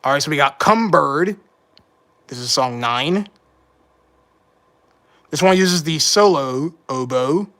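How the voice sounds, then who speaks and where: A man's voice: fairly high pitch, lively intonation, slow, pauses often, fairly bright tone. A man hosting a casual livestream, rambling along and correcting his own slips. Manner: rambling, self-correcting, mild frustration. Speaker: livestream host. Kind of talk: casual live commentary.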